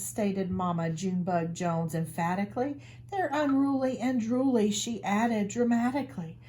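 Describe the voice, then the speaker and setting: Expressive woman reading a picture book. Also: fairly low pitch, slight background noise. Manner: warm, chatty, expressive. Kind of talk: picture book read-aloud for children. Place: school office.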